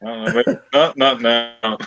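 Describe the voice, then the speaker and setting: A man's voice: mid-range voice, moderate pace, music in the background. A man co-hosting a casual live-stream chat, teasing and joking. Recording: dull dry mic sound.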